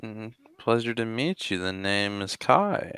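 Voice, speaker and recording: A man's voice: fairly low pitch, expressive, a little slow, a bit bright, smooth, dry recording, studio quality. A man playing his character in a tabletop game, casual and easygoing. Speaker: player.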